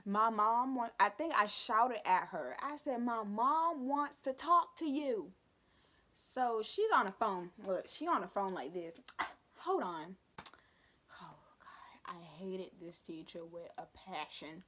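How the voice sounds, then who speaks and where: A young woman telling a school story for her vlog, animated and dramatic with lots of asides. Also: mid-range voice, measured pace. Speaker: vlogger.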